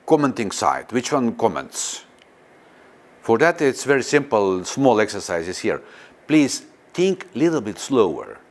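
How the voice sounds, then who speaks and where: A man teaching a guided meditation in non-native, halting English, often pausing to question a live audience. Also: lowish voice. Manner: slow and lively, questions the audience. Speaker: spiritual teacher.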